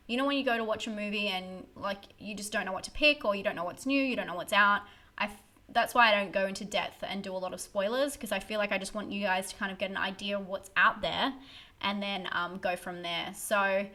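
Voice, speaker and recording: A young woman chats through a relaxed live-stream Q&A. Her tone is bright and clear, and she wanders through answers with frequent ums, restarts and little giggles. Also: mid-range voice. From Australia. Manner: chatty, giggly, rambling with fillers and restarts. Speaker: horror film YouTuber hosting a live stream.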